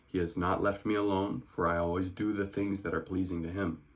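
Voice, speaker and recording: A calm, earnest teacher, read aloud by a man in a low, deep voice. It is a casual scripture reading, plain and unforced, and it speeds up now and then. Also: fairly quick, lightly acted.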